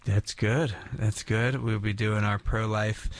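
A man's voice: lowish voice, fairly even intonation, slow pace, no room sound. Playful male morning radio co-host. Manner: playful, jokey, teasing. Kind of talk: casual morning radio chat and prayer. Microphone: studio microphone.

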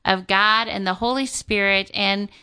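Bright, clear-voiced woman radio host. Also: medium pitch, measured pace. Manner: warm, affirming and enthusiastic. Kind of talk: radio talk show hosting.

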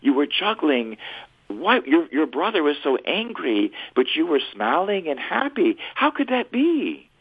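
A man voicing a loving father who gently questions his young son, heard over a tinny phone-like line. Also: fairly high pitch, sing-song, unhurried, slightly rough, pitched above the performer's own voice, heavily acted. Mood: tender, puzzled.

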